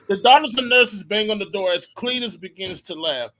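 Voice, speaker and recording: A mid-pitched voice that swings lively up and down while reading a rowdy wrestling story, with crude asides and clear noise in the stream. The reading is animated and loose. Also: normal speed. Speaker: co-host reader. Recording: noisy livestream audio.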